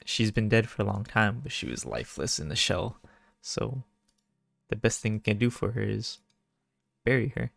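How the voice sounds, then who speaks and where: A man chatting casually through his own gameplay, self-mocking and quick to get excited. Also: fairly low pitch, creaky, no room sound. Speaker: gaming video creator. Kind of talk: casual game commentary.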